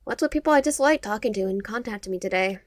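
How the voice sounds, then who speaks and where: In a let's play, a young woman reads a visual novel's text aloud with a lively, mid-range voice, stumbling and restarting words and cracking asides between lines. She talks quickly, and the studio recording is clean with no room sound.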